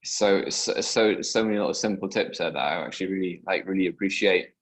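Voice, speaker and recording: A man's voice: deep voice, brisk. A man hosting a video call, chatting loosely with lots of fillers and easy laughs. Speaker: host. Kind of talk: casual video call chat.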